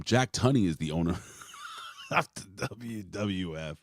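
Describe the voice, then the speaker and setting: Very deep-voiced man rambling about wrestling. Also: slow pace, dry recording, clean studio sound. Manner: rambling, swears freely, animated storytelling. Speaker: podcast host. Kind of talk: casual wrestling chat.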